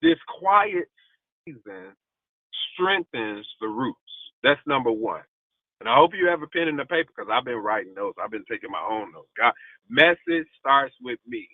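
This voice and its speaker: A man's voice: medium pitch, very animated, normal speed, no echo. Emphatic preacher man, tinny phone sound. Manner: repeats key lines, emphatic, testifying. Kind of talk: motivational devotional talk. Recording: tinny phone-like audio, dry.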